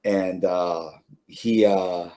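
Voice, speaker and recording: A man's voice: low voice, fairly even intonation, drawn-out words, mellow. A middle-aged man, an interview guest, telling stories casually with many fillers and restarts, laughing now and then. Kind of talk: casual storytelling.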